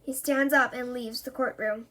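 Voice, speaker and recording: A woman reading a children's book aloud in a lively way, giving the characters voices with sudden loud jumps. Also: a little high, normal speed, background noise. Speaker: reader.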